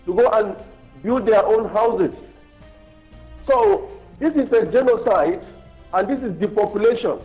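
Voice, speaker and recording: Emphatic Nigerian male phone-in guest, high-pitched, lo-fi line. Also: darkish tone. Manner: emphatic, insistent. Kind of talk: news talk show interview. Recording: muffled phone line with music.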